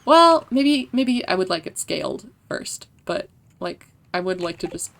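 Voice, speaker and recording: A woman's voice: fairly low pitch, very animated, measured pace, creaky, hardly any pauses, fairly bright tone. A woman streamer chatting casually while playing, rambling and playful, swearing freely. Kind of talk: casual gameplay chat.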